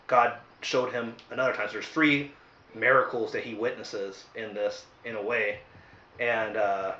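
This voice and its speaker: A man's voice: mid-range voice, sharp tone. A young man hosting a casual Bible study, reading a chapter aloud and then reflecting earnestly with many fillers. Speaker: host leading a Bible study. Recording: roomy, dull lo-fi sound.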